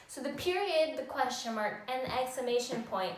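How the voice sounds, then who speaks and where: A woman with a high voice and lively intonation speaks at a moderate pace with few pauses. She's giving a recorded classroom lesson, patiently showing young children how to build sentences in a sing-song manner. Her voice reaches the mic from afar, with room echo.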